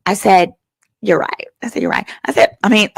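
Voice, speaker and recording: A woman in her thirties tells a story with a gravelly, fry-edged voice and lively comic timing. She acts out the other people's lines as she talks from her father's house. The sound is close and dry, with no room around it. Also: mid-range voice, normal speed, no room sound. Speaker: attorney and host. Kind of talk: casual comedic storytelling.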